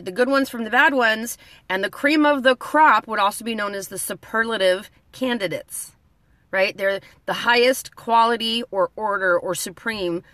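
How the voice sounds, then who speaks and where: Bright chatty woman with a slight lisp. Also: on the high side, no echo. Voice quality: slight lisp from orthodontic bands. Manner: chatty, greets viewers by name, rambles. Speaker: word of the day host. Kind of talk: casual live video lesson.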